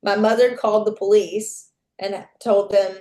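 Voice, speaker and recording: A young adult woman, a guest on a podcast, tells a personal story candidly, swearing freely and acting out what people said. Her mid-range voice is steady, unhurried, and mellow, recorded in an echoey room.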